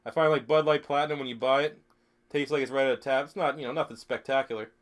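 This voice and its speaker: A young Canadian man who is sick, streaming a football video game live, clearing his throat, swearing and rambling through chat questions. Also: mid-range voice, fairly even intonation, quick pace. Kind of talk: live-stream gaming commentary.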